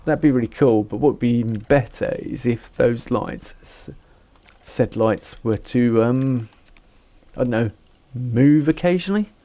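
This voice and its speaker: A man's voice: mid-range voice, steady tone, a little slow, dark tone, muffled recording. A man, giving casual gameplay commentary and rambling as he thinks aloud while building. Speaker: gamer.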